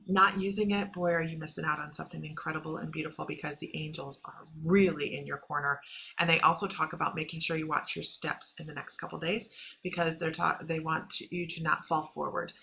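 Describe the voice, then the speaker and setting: A woman's voice: sits low, creaky, slight background noise. A woman hosting a live stream of free intuitive readings, talking in a chatty way full of fillers. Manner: chatty, filler-heavy, rising excitement when addressing viewers. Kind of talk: live psychic reading chat.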